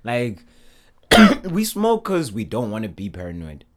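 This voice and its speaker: A young man co-hosting a podcast, speaking at a middling pitch in an easygoing, laid-back way. He chuckles often as he tells his own stories. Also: wildly swooping pitch, unhurried. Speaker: podcast co-host. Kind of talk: casual chat.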